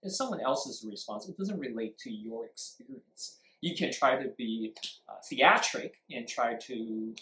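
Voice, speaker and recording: An emphatic speaking teacher in a live-streamed lesson on stress and intonation. They act out sample sentences to show where the pitch rises and falls. The voice has a middle pitch and sits in a noticeably echoey room. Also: pushed and bright, slight background noise. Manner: switches briefly into Mandarin to explain. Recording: roomy echo.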